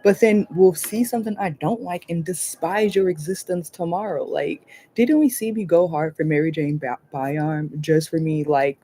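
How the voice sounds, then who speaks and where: A woman hosting a casual livestream chat, rambling and animated, swearing freely and laughing often. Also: sits low, moderate pace, few pauses, a little hiss or hum. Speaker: livestream host.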